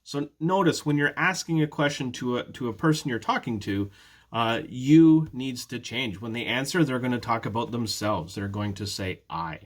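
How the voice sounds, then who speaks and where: A man with a medium-pitched voice at normal speed leads a prerecorded beginner English lesson as an ESL teacher. He patiently works step by step, repeating example sentences and modeling how questions rise.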